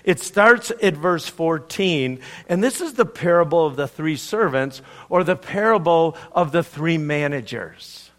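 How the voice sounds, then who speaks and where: A man's voice: fairly high pitch, lively intonation, a little slow, hardly any pauses, a bit bright. A man preaching a conversational sermon at a church service, as the pastor.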